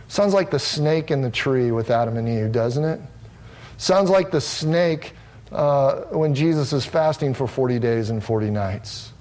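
A man's voice: mid-range voice, expressive, a little slow, a little mellow. A man preaching a sermon, earnest and emphatic, often restarting his phrases as he works through a psalm verse by verse. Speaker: pastor.

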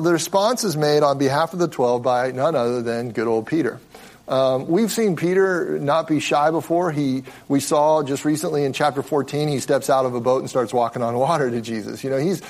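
A man teaching a Bible study in a relaxed, conversational way, explaining as he goes and often restarting his sentences. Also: on the high side.

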